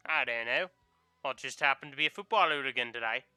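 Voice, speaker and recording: Young man, smooth clear voice, dry room, loose playful stream chat. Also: medium pitch, quick pace, pushed and bright, no room sound, soft background music. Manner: playful, rambling storyteller. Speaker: streaming artist. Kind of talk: casual chat while drawing.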